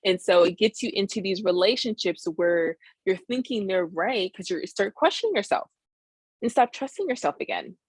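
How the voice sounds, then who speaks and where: A woman's voice: medium pitch, animated, moderate pace, breathy edge, dry recording, low-quality recording. A woman therapist teaching a live webinar over a video call, earnest, who keeps checking in with her listeners by asking "right?".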